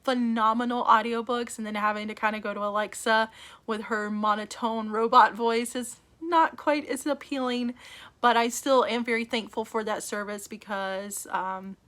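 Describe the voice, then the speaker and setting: A woman's voice: on the high side, steady tone, moderate pace, a bit bright. A woman book vlogger chatting casually to camera, enthusiastic and chatty, with frequent fillers and little laughs.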